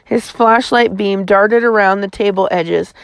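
A woman narrating a storybook chapter in a steady, even reading voice of middle pitch. The sound is dry and close, with no room echo at all. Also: a little slow, vocal fry. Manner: steady first-person reading. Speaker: audiobook reader.

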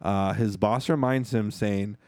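A man hosting a podcast, recapping a movie in loose, profane chat and acting out lines in quick asides. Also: on the low side, fairly even intonation, a little mellow, smooth, dry recording, clean studio sound. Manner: profane, keeps calling listeners "foos", acts out movie dialogue in quick asides. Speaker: podcast host.

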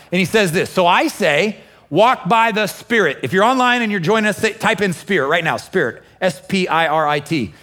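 A pastor preaching a lively sermon, acting out inner voices and quoting scripture with feeling. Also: male voice, high-pitched. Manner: animated, acts out inner voices and quotes. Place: church, also streamed online.

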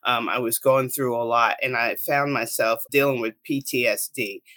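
A woman's voice: very deep voice, steady tone, normal speed, fairly bright tone, no echo. A middle-aged woman, a guest, earnestly telling an emotional personal story in an interview.

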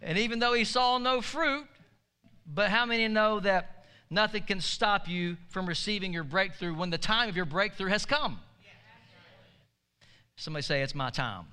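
A man's voice: high voice, moderate pace, pushed and bright, clean tone. A man pastor preaching a sermon, telling stories in a conversational way and calling on the congregation to respond. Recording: echoey hall.

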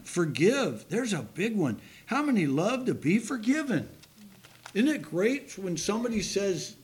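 An older male pastor preaching in a fairly high, light voice. He tells homespun stories with self-deprecating humor and often laughs at himself. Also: sing-song, normal speed. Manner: laughs at his own story. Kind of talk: sermon.

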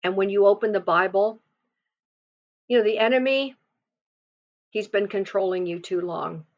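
A woman's voice: mid-range voice, moderate pace. A woman preaching a sermon, explaining scripture with emphatic, swelling delivery. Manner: emphatic, rising and falling for emphasis. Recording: slightly dull lo-fi sound.

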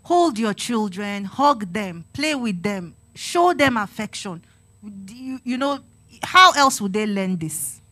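A woman's voice: medium pitch, lively intonation, takes it slowly, sharp tone. A woman giving a sermon-style talk to a congregation, earnest and exhorting, repeating her phrases and acting out talks with her children. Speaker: church speaker on parenting.

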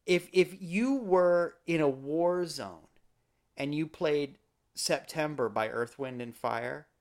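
A man's voice: fairly high pitch, takes it slowly. Rambling playful male podcast co-host. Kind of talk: casual chat.

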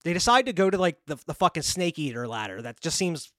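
A man's voice: a little high, sing-song, fast, a bit bright, no room sound, clean studio sound. A man hosting a film review podcast, retelling scenes in casual chat with frequent laughs and casual swearing. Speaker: podcast host reviewing films.

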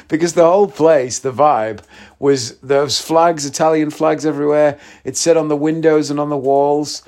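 A man's voice: a little high, a little slow. A young man, hosting a podcast and telling a story in casual chat, joking and laughing as he goes. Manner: chatty, jokey, laughs at his own stories. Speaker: podcast host.

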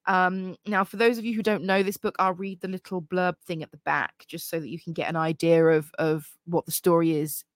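A woman's voice: on the low side, level tone, a little fast, hardly any pauses, no room sound, studio quality. A young woman hosting her own podcast, chatting casually and gushing about books, with lots of fillers. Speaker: podcast host. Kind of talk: casual solo podcast chat.

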